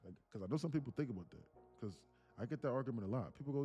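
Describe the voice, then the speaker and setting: A man holding forth on a casual livestream in a husky, mellow voice that swings widely in pitch. He rambles and jokes loosely between points. Faint music runs underneath. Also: animated, racing. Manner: rambling, joking, laughs often. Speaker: day trading livestreamer.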